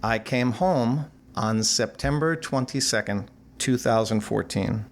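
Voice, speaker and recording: Animated older man telling a story. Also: medium pitch, measured pace, slight background noise. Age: 60s. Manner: animated, acts out voices in anecdotes. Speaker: guest musician. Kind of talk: storytelling interview.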